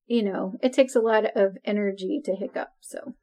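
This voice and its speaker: A woman's voice: mid-range voice, normal speed, mellow. A woman co-hosting a podcast, chatting casually and laughing often. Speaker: podcast co-host. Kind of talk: casual chat.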